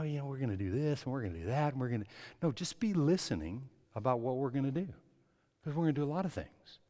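A man preaching a sermon as pastor, swinging between soft words and loud, impassioned stretches. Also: medium pitch, long reverb tail. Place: church.

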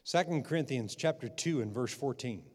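A man's voice: medium pitch, expressive, moderate pace, a little mellow. Preaching man in a reverberant church. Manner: preachy, repeats phrases, calls for amens. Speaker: pastor. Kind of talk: sermon. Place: church sanctuary. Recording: long hall reverb.

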